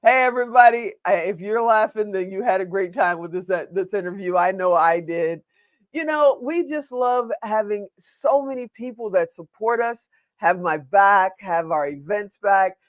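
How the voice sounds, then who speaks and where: A woman hosting a live online interview from her studio, laughing easily and thanking her guest warmly. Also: mid-range voice, normal speed, no room sound. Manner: warm, giggly, gushing thanks. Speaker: host. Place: home studio.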